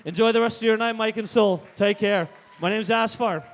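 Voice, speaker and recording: Canadian man, stand-up comic, high-pitched, punchy, reverberant club stage. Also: moderate pace. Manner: punchy, tags jokes with "right?". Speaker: stand-up comedian. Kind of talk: stand-up set. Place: live comedy stage.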